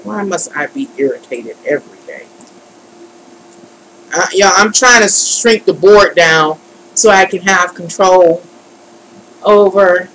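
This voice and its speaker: Slow-talking woman, fussing aloud. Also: lowish voice, lively intonation, a bit bright, a little hiss or hum, rough recording. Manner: frustrated, fussing and muttering to herself. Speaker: tarot reader hosting a livestream. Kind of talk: live-stream chat.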